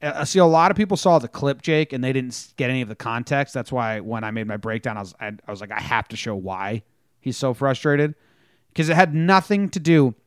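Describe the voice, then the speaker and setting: Man, smooth clear voice, dry close sound, lively sports podcast storyteller. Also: medium pitch, fairly quick, no room sound. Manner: animated storytelling, acts out quotes. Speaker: podcast co-host. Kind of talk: casual sports chat.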